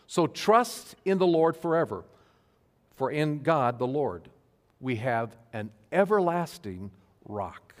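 Guy pastor preaching in church, earnest and emphatic, slow on the big words, long echo. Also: on the high side, big pitch swings. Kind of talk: sermon. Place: church sanctuary. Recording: long hall reverb.

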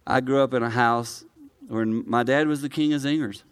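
A male pastor preaching a conversational sermon to a live congregation, swinging from quiet, low delivery to loud, high-pitched excitement. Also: moderate pace, smooth. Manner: conversational, personal preaching with direct address.

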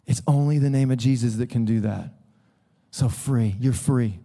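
A man's voice: medium pitch, normal speed, mellow. A man preaching a sermon in church, talking casually and joking with the congregation, acting out the voices he quotes. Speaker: pastor.

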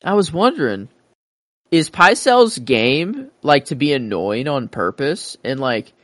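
A man co-hosting a casual TV rewatch podcast who muses out loud. He talks haltingly, with lots of restarts and fillers. His mid-pitched voice is recorded close and dry. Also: no room sound. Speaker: podcast co-host.

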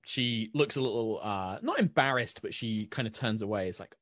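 A man's voice: on the low side, moderate pace, hardly any pauses, no echo, clean studio sound. Man narrating as game master. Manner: relaxed, filler-heavy narration.

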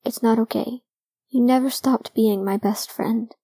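A hoarse young man in tears, as a woman reads him aloud in an audiobook. His voice is husky and mellow, with little rise and fall, and it sounds close and dry. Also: sits high, flat delivery, normal speed, no room sound, voice pushed up. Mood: anguished. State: hoarse, crying. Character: young man, Logan, emotional, fierce.

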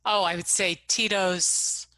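A woman's voice: on the low side, steady tone, slow, sharp tone, no echo. A woman co-hosting a casual chat, speaking enthusiastically and gushing about her favorite things. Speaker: co-host.

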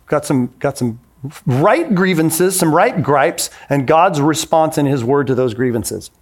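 A man's voice: fairly high pitch, expressive, measured pace. A man in his forties preaching a sermon in a casual, conversational way, acting out the voices he quotes. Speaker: pastor.

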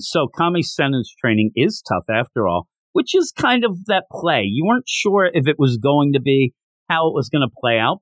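Male podcast host, mid-pitched, animated storyteller who pops into quick character voices, dry close-miked sound. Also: dry recording. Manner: animated retelling, acting out lines in quick higher voices. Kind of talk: casual manga recap.

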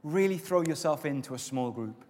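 A man's voice: on the high side, lively intonation, moderate pace. Preaching man in a reverberant hall. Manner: builds to loud emphatic exhortation, then soft prayer. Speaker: pastor. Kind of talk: sermon. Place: church auditorium. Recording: long reverb of a church hall.

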